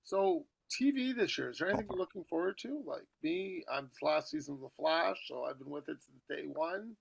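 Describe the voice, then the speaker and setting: A man's voice: fairly high pitch, sing-song, a little fast, vocal fry, poor audio. A middle-aged man hosting a podcast in casual chat, rambling and chatty as he jumps from one topic to the next. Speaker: podcast host.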